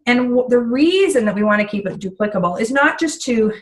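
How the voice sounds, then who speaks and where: A woman's voice: on the high side, expressive, a little fast, rough recording. A middle-aged woman giving a casual training talk on sharing a home business, chatty and full of fillers and asides. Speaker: essential oils business trainer.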